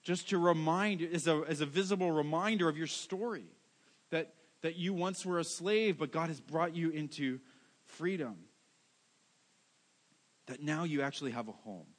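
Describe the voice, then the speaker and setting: High-voiced emphatic preacher man. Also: normal speed. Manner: emphatic, repeats key words, self-mocking asides. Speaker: pastor. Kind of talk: sermon.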